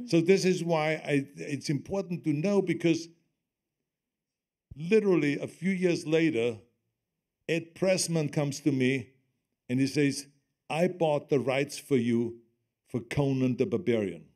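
An older man with a German accent, his voice sitting fairly high for a man. He tells stories on stage as a guest, animated and full of laughter, acting out what other people said to him. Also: measured pace, long pauses. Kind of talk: storytelling on stage in conversation.

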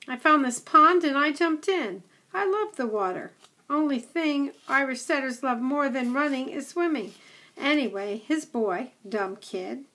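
A woman doing a gruff old dog. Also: sits high, sharp tone, exaggerated voice. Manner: blunt, scoffing, chatty. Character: old male red setter dog, gruff, know-it-all.

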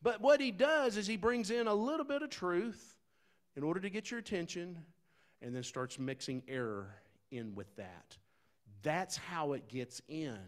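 A pastor with a fairly high-pitched voice preaches a sermon in a folksy, conversational style, speaking directly to the congregation. He drops into quiet asides, then rises to loud, emphatic bursts.

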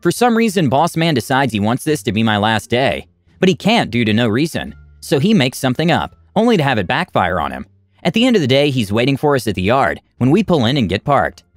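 A man's voice: mid-range voice, wildly swooping pitch, a little fast, no echo, faint music behind. A man narrating a reddit revenge story, reading out the character tags as he goes.

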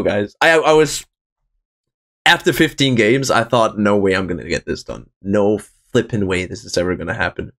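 A young man commenting on his own gameplay, excited and swearing, calling his viewers boys and guys. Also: lowish voice, normal speed, vocal fry. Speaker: gaming channel host. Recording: faint music in the background.

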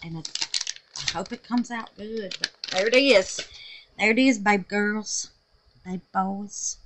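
In a casual craft vlog about soap-making, a woman chats slowly at a medium pitch, gushing, exclaiming, and calling her viewers honey and babies. There's noise in the background.

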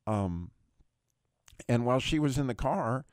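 A man in middle age hosting a prayer show on the radio, recounting a testimony in an easy, conversational way. His pitch leaps up whenever the story peaks, and the studio sound is dry and close. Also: measured pace, clear, resonant tone, no echo. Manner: animated storyteller, voice leaping up at emotional peaks. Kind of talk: casual testimony retelling.

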